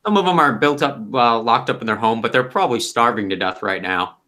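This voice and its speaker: A man's voice: mid-range voice, fairly quick, pushed and bright, natural voice. A man playing laid-back young fey Nino. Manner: rambling, hesitant, laid-back. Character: young easygoing fey tower dweller, aged fast.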